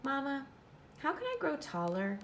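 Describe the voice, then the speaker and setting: A woman voicing an eager, self-doubting young boy in a pitched-up, earnest storybook voice. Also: wildly swooping pitch, moderate pace, a little hiss or hum. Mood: hopeful.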